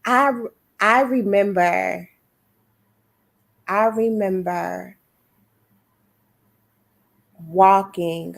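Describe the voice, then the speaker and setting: This middle-aged woman talks in a fairly low voice. She is a guest author telling a personal story in casual podcast conversation, full of feeling and quoting the people in it. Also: creaky. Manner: emotional, testimonial storytelling with quoted voices.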